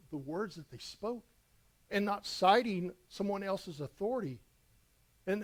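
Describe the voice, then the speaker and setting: A middle-aged man preaching verse by verse as a pastor, reading scripture dramatically with emphatic rises. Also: sits high. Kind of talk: verse-by-verse sermon.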